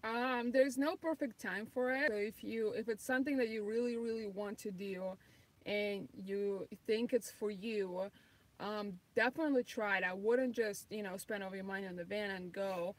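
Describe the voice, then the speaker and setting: A woman's voice: mid-range voice, moderate pace. A woman in her thirties, not a native English speaker, casually reading and answering viewer comments on a livestream with lots of ums. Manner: reads viewer comments aloud, many ums. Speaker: livestream host.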